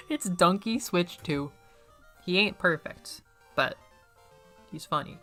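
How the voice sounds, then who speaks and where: A woman's voice: on the low side, animated, slow, pauses often, a bit bright, faint music behind. A young woman chatting casually while playing a video game, rambling and swearing freely. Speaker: gaming streamer.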